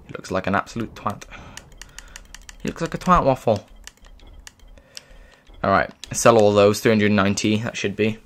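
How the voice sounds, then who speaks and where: A gaming YouTuber with a slightly low, somewhat bright voice gives chatty let's play commentary over his game, against a faint background hiss. He wanders from topic to topic and breaks into sudden exclamations.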